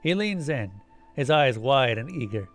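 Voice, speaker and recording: A man's voice: medium pitch, lively intonation, a little slow, faint music behind. A male streamer reading video game narration aloud, switching to casual asides about his play.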